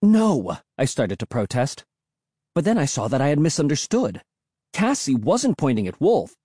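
An audiobook narrator reading a first-person story with suspenseful, expressive delivery. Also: mid-range voice, dry recording, clean studio sound.

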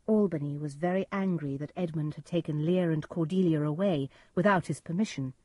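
A woman narrates a simplified classic story in a plain, measured way. Her voice is low, dark and husky, recorded close and dry. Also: dry recording.

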